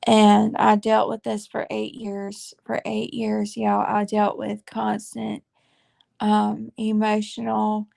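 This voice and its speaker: A woman in her forties giving a heartfelt faith testimony to her viewers, earnest and confiding, halting with fillers and saying y'all, close to tears. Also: mid-range voice, completely flat delivery, vocal fry, darkish tone. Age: 40s. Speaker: faith vlogger.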